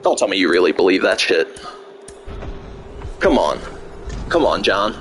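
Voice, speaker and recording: A man's voice: low voice, very animated, unhurried, fairly bright tone, slight background noise. A man live-streaming a video game, trash-talking a troll in chat with heavy profanity and sarcasm. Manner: profane, mocking trash talk.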